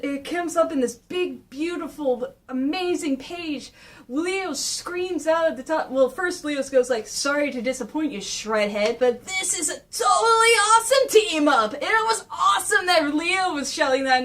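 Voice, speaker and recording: A young woman recapping a comic in a casual, gushing, excitable way. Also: sits high, recorded from a distance. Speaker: comic reviewer.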